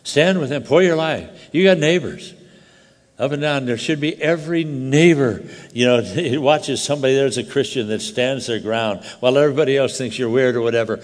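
An older man preaching a sermon, telling a story with animated, halting restarts that drop to quiet intensity. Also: medium pitch, big-room sound.

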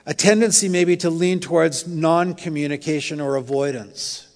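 A male pastor preaches a sermon in a church, his voice fairly high and a little mellow at a normal speed. He tells stories conversationally and adds light humor. The church hall gives the sound a long reverb.

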